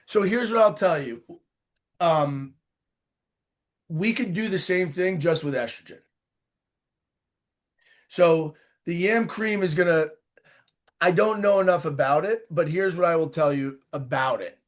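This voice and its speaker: A man's voice: fairly high pitch, a little slow, pauses often. A male doctor giving informal, emphatic expert answers as a guest in an interview. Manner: emphatic, informal, direct advice.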